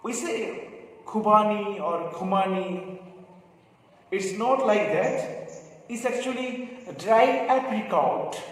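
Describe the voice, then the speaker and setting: Male teacher, high voice, slow deliberate delivery, far-off mic in an echoey room with light hiss. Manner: repeats each word slowly, drawing out sounds. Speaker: English teacher. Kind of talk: pronunciation lesson.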